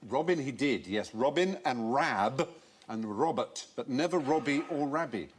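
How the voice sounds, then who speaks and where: Lively teasing male quiz host. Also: mid-range voice, normal speed, slightly rough. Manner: teasing, explanatory, quiz-style questioning. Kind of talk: quizmaster banter.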